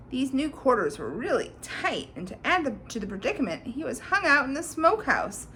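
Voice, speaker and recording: A woman reading a storybook aloud to a child, animated and pointing out the pictures as she goes. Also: medium pitch, slight background noise, low-quality recording.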